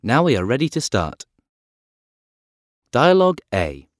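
A man announcing the parts of a recorded listening test in a clear, measured way. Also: mid-range voice, very animated, dry recording, clean studio sound. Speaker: test announcer and dialogue actor. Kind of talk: scripted exam narration.

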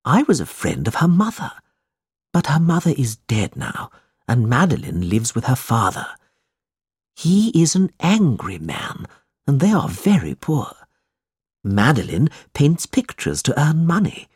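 A gentle, generous old benefactor, as a man voices him in a storybook reading. His lines rise and fall broadly, slightly husky, heard close and dry in the recording. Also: medium pitch, wildly swooping pitch, a little slow, no room sound, voice pushed up, full character voice. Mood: earnest.

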